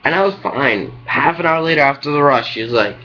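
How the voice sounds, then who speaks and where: A young American restaurant cook vents to his webcam, rambling and frustrated, packing his talk with "like" and "you know." His voice is fairly high and fairly quick with lively intonation, and the webcam mic gives dull lo-fi audio.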